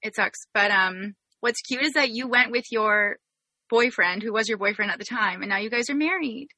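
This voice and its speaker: A woman's voice: fairly high pitch, moderate pace, sharp tone, no room sound. A young Canadian woman hosting a podcast, telling a story in a bubbly, giggly way. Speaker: podcast host. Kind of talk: casual interview chat.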